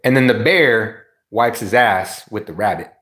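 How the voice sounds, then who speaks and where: A man's voice: fairly low pitch, a little slow. A man hosting a livestream, chatting casually and acting out comedy bits he knows by heart. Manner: animated, laughing, reciting comedy bits. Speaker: livestream host. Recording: roomy echo.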